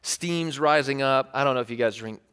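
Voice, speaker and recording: A man's voice: medium pitch, normal speed, a bit bright, clear, resonant tone. A man from East Tennessee, preaching a sermon in a loose, joking, conversational way and often repeating himself. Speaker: pastor. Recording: church hall with long reverb.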